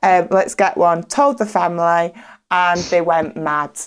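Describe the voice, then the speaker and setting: A woman's voice: lowish voice, steady tone, unhurried, smooth. A woman, a podcast co-host telling a candid, funny personal story in casual chat. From England.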